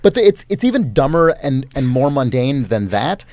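A man's voice: medium pitch, very animated, moderate pace, a little mellow, dry recording. A man co-hosting a casual chat, telling a story in a rambling way, full of "like" and swearing. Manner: rambling, heavy use of "like," swears freely.

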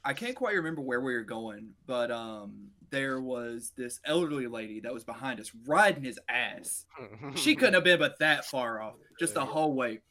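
A man in casual chat, telling a story hesitantly with many ums before getting excited. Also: mid-range voice, moderate pace.

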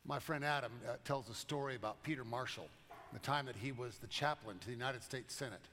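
A man preaching a sermon as pastor, in a conversational way with gentle humor, in a church sanctuary. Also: medium pitch, a little fast, a little hiss or hum. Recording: long reverb of a large church.

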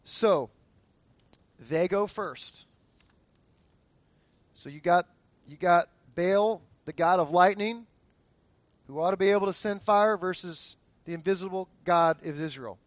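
A man's voice: high voice, slow, long pauses, no room sound. A man preaching a sermon, chatty and joking, who often stumbles and repeats words and asks the crowd to answer aloud. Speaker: pastor.

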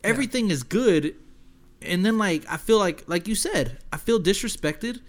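A young man co-hosting a podcast, telling a story in a loose, profane, animated way and acting out the people in it. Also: high-pitched, moderate pace. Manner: profane, animated storyteller who acts out quotes. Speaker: podcast co-host. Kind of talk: casual storytelling chat.

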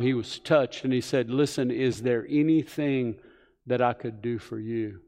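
Slow, earnest preacher in a reverberant hall. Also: male voice, mid-range voice. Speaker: pastor. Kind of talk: sermon. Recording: church hall with long reverb.

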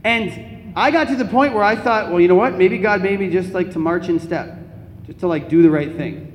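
A young man with a high, light voice tells comic stories from his own life to a crowd, getting animated as he goes. His voice rings around a big echoey hall, with a faint hum of the room behind him. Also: moderate pace. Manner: animated, comic storytelling with laughs. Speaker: Catholic speaker. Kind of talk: storytelling talk to an audience.

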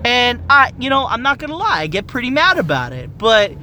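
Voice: medium pitch, huge pitch swings, a little fast, sharp tone, slight background noise. A young adult medical office worker ranting in a heated, profane, exasperated monologue.

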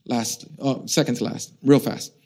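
A middle-aged man preaching a sermon as a pastor, with humorous, animated storytelling, self-mocking asides and questions to the congregation. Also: mid-range voice, a little slow. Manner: conversational, asks the congregation questions.

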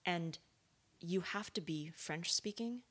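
Woman w a low voice chatting, lots of um and right?, gets animated. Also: slow pace, slightly rough. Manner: thoughtful, animated, lots of fillers and rhetorical questions. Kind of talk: casual conversation.

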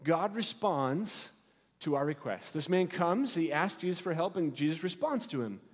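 A man's voice: on the high side, animated, normal speed. A male pastor preaching a sermon, retelling the story expressively and acting out the characters' lines. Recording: long hall reverb.

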